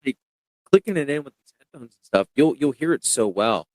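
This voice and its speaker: A young man talking loudly and excitedly in a casual podcast chat, full of slang. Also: medium pitch, a little fast, dry recording. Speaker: podcast guest.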